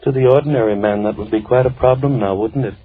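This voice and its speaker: An actor playing a soft-spoken, coldly polite madman in a 1950s radio drama. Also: on the low side, fast talker, slightly rough. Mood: softly menacing. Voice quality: calm, gentle, coldly polite. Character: soft-spoken menacing madman, middle-aged. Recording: tinny old radio broadcast with faint hiss.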